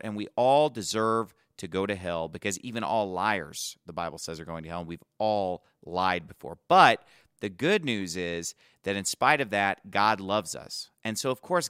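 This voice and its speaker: A man's voice: on the low side, a bit bright, smooth, no echo, clean studio sound. A man preaching a gospel sermon, earnest and emphatic, quoting scripture as he goes.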